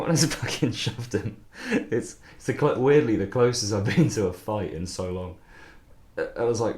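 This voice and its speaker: Young guy with a low voice, rambly livestream chat about songwriting, swears a lot, echoey room. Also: moderate pace. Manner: rambling, loose, swears, laughs often. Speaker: songwriter streaming his writing process.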